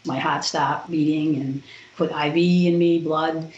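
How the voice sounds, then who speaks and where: A woman, a podcast guest, telling a personal story in an animated way and acting out the other people's lines. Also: low voice, measured pace. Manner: animated retelling with quoted voices. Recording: roomy, dull lo-fi sound.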